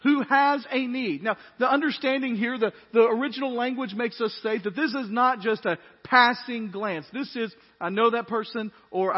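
A man preaching a sermon with emphatic rising phrases, often asking the congregation questions. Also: high-pitched. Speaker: pastor. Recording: dull sermon audio with long hall reverb.

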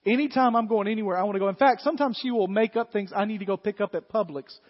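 A man, preaching a sermon in an animated way and acting out scenes. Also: high-pitched, fast. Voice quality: animated, acts out scenes with shouts. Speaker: pastor. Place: church hall. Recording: muffled sound in a long-reverb hall.

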